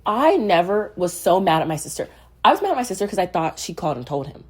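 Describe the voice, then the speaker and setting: A woman in her twenties casually telling a personal story, getting animated and loud as she retells being irritated. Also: fast, husky. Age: 20s. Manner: animated, gets loud and high when retelling anger. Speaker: vlogger.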